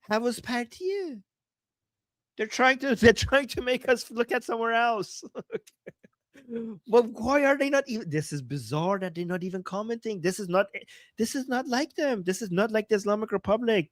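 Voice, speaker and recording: A woman's voice: medium pitch, no echo. A woman co-hosting a livestream, commenting casually and animatedly, often laughing and mimicking voices. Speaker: livestream co-host.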